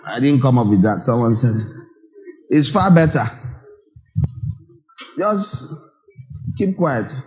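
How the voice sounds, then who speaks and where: A man preaching a sermon, animated, with rhetorical questions and acted asides. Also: medium pitch, normal speed, poor audio.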